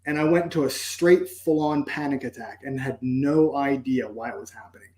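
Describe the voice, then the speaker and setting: A man's voice: medium pitch, normal speed, warm tone, roomy sound. A man, a podcast guest, telling a personal story in an earnest, reflective way and acting out his own inner thoughts. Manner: earnest, reflective, acts out inner dialogue with "I'm like".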